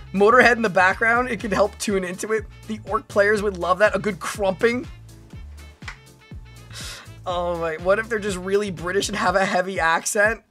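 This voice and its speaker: A woman's voice: mid-range voice, bright, forceful tone. A woman streamer chatting casually, rambling and playful, with frequent stammering restarts. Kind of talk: casual livestream chat.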